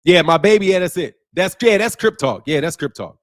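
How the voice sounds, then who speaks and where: Animated high-voiced man chatting casually. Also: fairly quick. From Chicago. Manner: animated, loose slang-heavy talk, laughs often, mimics regional greetings. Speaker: boxing channel host. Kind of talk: casual livestream chat with viewers.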